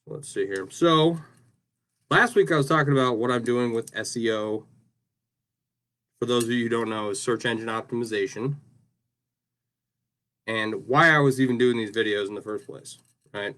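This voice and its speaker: On a livestream, a man chats casually about his craft work as he does it, rambling and often tacking "right?" onto the end of his sentences. His voice is medium-pitched and a bit bright, moving at a moderate pace with long pauses.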